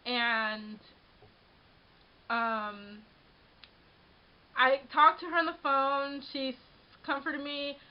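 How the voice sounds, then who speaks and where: A woman's voice: sits high, steady tone, very slow, pauses often. A young woman in her twenties telling a personal story in a casual vlog, rambling with many restarts, recorded on a camera mic at home. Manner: rambling, frequent restarts and "like", shaken but laughing. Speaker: vlogger. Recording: dull lo-fi webcam audio.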